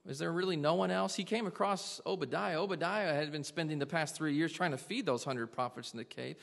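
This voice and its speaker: A man's voice: a little high, brisk, gravelly, fairly bright tone, long reverb tail. A man preaching a sermon to a congregation, earnestly asking them question after question. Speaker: pastor.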